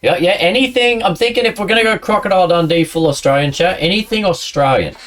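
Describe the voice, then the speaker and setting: A man's voice: high-pitched, quick pace, fairly bright tone, distant mic. A man streaming a game, chatting casually with his viewers and a friend, often laughing and rambling. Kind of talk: casual live-stream chat while gaming.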